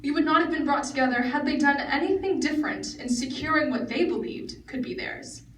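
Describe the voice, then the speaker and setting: A teenage girl delivers a prepared speech with earnest care. Her voice sits a little high and carries around a large, echoing hall, picked up from a distance with a faint hiss underneath. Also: a little fast, fairly bright tone. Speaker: student speaker. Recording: echoey hall recorded from afar, faint noise.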